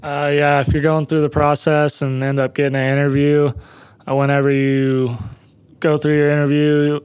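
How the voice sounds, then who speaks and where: Plain-spoken young man, very smooth voice. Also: a little high, monotone, moderate pace, a little mellow, no echo. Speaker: intern.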